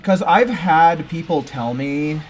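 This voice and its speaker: A man's voice: on the high side, slow, slightly rough, faint music behind. A laid-back young man from California with a neutral American accent, chatting casually with his live-stream viewers while playing a game. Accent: General American.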